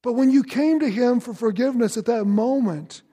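High-voiced pastor preaching in a reverberant hall. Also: male voice, moderate pace, dark tone. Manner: earnest, direct questions to the congregation. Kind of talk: sermon.

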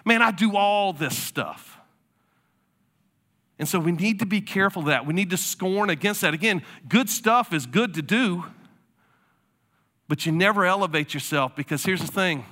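Bright, high-voiced man preaching. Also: moderate pace. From South Carolina. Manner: conversational storytelling preacher, casual fillers. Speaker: pastor. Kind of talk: sermon.

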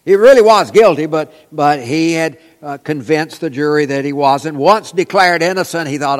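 A man's voice: a little high, moderate pace, few pauses. A man preaching a sermon, telling folksy stories with frequent fillers. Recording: long reverb in a large hall.

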